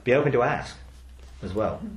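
A man leading a small church meeting, talking in a relaxed, halting way with frequent restarts. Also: mid-range voice. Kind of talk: casual group discussion. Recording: echoey room with faint noise.

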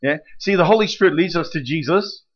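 Casting: male preacher, high voice, animated teaching delivery that keeps checking in with the room, dull lo-fi recording. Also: fairly quick. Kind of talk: sermon.

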